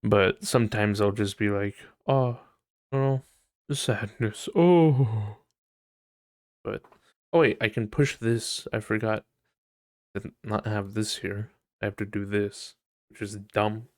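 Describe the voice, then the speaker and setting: A man hosting a casual solo podcast, rambling and swearing, now and then mocking people in high put-on voices. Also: little pitch movement, unhurried, no room sound, clean studio sound. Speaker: podcast host. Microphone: desk mic on voice chat.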